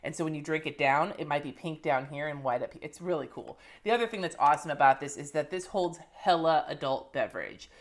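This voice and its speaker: A woman with a low voice vlogs about planners and lettering in a casual monthly favorites video. She's animated and quick, barely pausing, chatty and profane as she holds items up to the camera.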